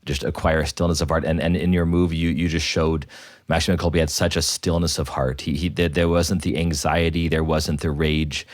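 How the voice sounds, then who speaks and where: A man's voice: extremely low pitch, flat delivery, fairly quick, dry recording, clean studio sound. A man, a priest co-hosting a podcast, talking reflectively with frequent repeated starts. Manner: thoughtful, with many repeated starts.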